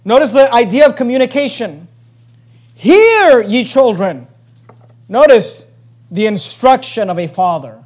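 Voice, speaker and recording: A male pastor preaching a sermon, emphatic, swinging between loud and hushed and repeating phrases to drive his point home. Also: high-pitched, animated, moderate pace, hardly any pauses.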